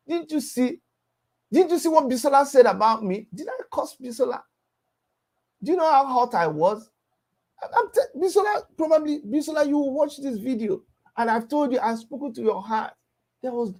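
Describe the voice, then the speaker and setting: A man's voice: very high voice, darkish tone. A man delivering an impassioned, preachy monologue broadcast, scolding and repeating himself for emphasis. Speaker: broadcaster addressing critics.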